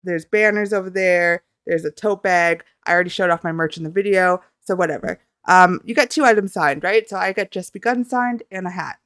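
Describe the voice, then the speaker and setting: A young woman telling a story in a casual vlog at home, excitable and flustered, rambling and swearing as she goes. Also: fairly low pitch, brisk, hardly any pauses, clean tone, no echo, studio quality. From Canada. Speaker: vlogger.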